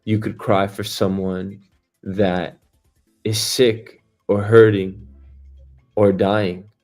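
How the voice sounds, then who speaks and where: Slow, profane man ranting on a livestream. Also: fairly low pitch, flat delivery, darkish tone, soft background music. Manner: crude, swearing, laughs often, mocking. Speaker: livestream host. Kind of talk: casual rant on a livestream.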